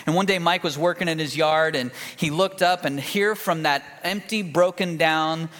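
A man's voice: a little high, moderate pace, a bit bright. A man preaching a sermon as a pastor, telling a story in a folksy, conversational way with fillers and restarts. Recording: long reverb of a church hall.

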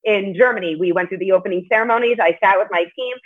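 This martial arts competitor, a podcast guest, has a husky mid-range voice and a quick delivery. The casual interview comes through a thin, phone-quality line as she speaks frankly and chattily, with the occasional swear word.

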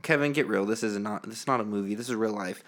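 A man's voice: fairly low pitch, quick pace, a bit bright. A man hosting a podcast, laid-back and chuckling, stumbling over his words in casual chat. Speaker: podcast host.

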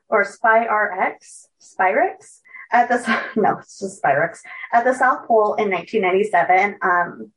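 A woman's voice: on the high side, far from the mic, poor audio. A young woman co-hosting a podcast, telling a story from her notes in a chatty way, full of likes and ums. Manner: chatty, many "like" and "um" fillers, giggly. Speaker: podcast co-host telling a case.

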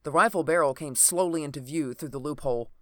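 Steady audiobook narrator, dry close sound. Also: mid-range voice, fast, no echo. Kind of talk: audiobook narration of an adventure novel.

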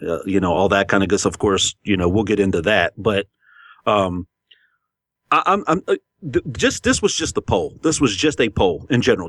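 A man's voice: lowish voice, fairly bright tone, no echo, studio quality. Blunt, swearing male podcast co-host. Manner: blunt, swears freely, laughs often. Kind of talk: casual profane chat. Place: podcast studio.

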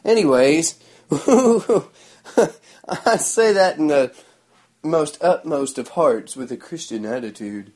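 A man's voice: a little high, lively intonation, slow pace, a little mellow. A man, telling a rambling story in a sarcastic, crude, mocking way. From Oklahoma. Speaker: vlogger.

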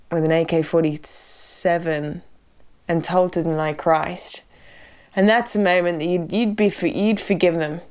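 A woman's voice: deep voice, darkish tone, clean tone. A woman hosting a podcast, talking casually and drifting into digressive stories and asides. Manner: chatty, digressive storytelling with asides. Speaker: podcast host. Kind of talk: casual personal talk.

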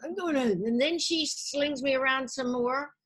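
An older actress recounts her past in a storytelling interview, lively and performing the people she quotes. Her voice sits high and moves at a moderate pace.

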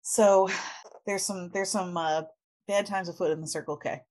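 A woman's voice: mid-range voice, steady tone, normal speed, a little mellow. A woman casually recapping a comic book story with lots of fillers and laughter. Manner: chatty, laughing, many fillers. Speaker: podcast host.

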